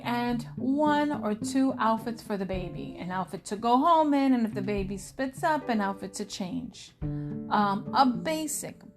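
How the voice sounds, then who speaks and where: A woman in her thirties talks casually to her viewers, lively and storytelling as she acts out friends and her husband. Her voice sits a little high. Music plays clearly behind her. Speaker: vlogger. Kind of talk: casual chat to camera.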